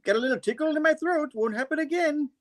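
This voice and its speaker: A man doing a squeaky, jittery chicken-man. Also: fast talker. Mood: nervous. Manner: high squeaky put-on voice. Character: fussy chicken-man servant, nervous and apologetic.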